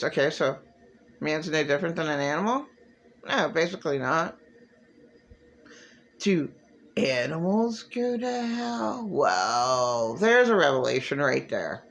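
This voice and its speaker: A man talks straight to camera in a rambling religious monologue, his voice gravelly with fry and sitting a little high for a man. He rants in a bitter, agitated way, and his pitch jumps suddenly. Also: big pitch swings, takes it slowly, a bit bright, slight background noise. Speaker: vlogger.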